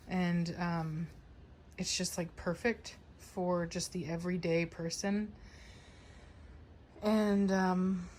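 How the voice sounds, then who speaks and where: Woman, dog breeder vlogging; lowish voice, relaxed and rambling. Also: slight background noise. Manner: chatty, rambling, conversational. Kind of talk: casual vlog talk to viewers.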